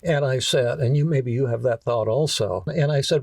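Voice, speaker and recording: A man's voice: medium pitch, gravelly, a little mellow, no room sound, recorded from a distance. An older man, a psychiatrist, tells a story about a patient, stumbling and repeating words as he speaks. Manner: halting, repeats words often. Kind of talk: storytelling talk.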